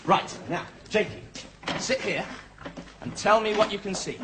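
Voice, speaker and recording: An actor playing an eager young male recruit who plays detective in an animated, self-satisfied way. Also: high voice, a little slow. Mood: explaining. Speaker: RAF trainee. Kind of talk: 1980s TV sitcom acting. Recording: noisy old TV soundtrack.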